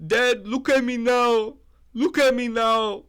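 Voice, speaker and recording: A man doing an impression of an earnest adult male fighter who speaks broken English in a high, strained voice. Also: steady tone, takes it slowly, fairly bright tone, smooth, full character voice. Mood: proud.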